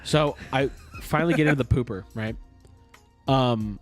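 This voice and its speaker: A man's voice: mid-range voice, normal speed, faint music behind. A young man in his twenties co-hosting a podcast, telling a long story in a rambling, profane way and laughing along as he goes. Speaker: podcast co-host. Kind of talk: casual storytelling chat.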